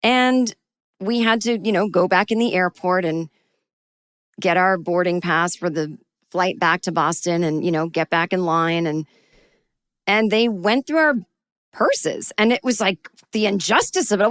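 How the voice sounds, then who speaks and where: A woman comedian hosts a solo podcast, recounting a personal story with a wry, self-deprecating edge. She sounds animated as she retells it, with a mid-range voice. The recording is dry and close, with no room sound. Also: mid-range voice, moderate pace, clear, resonant tone, no room sound.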